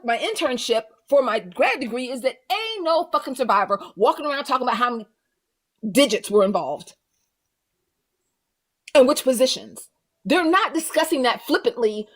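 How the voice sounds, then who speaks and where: High, lively-voiced woman ranting bluntly. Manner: blunt, animated and profane ranting; does mocking voices of others. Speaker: livestream reaction host. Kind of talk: casual commentary.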